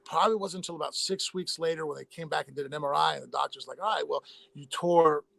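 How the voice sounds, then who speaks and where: A man telling a long personal story in a casual interview, in a rapid, rambling way with many fillers and restarts. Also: fairly high pitch, creaky, a bit bright. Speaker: interview guest, former fighter.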